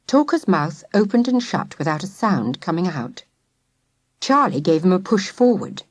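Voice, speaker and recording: Woman narrator, animated storybook reading, dry close mic. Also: on the low side, moderate pace, breathy edge, no room sound. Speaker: audiobook narrator.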